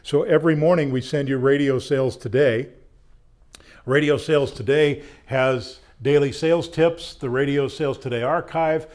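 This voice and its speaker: A man's voice: medium pitch, steady tone, normal speed, darkish tone. A man leading a sales training session, explaining prospecting in an upbeat, jokey, instructive way.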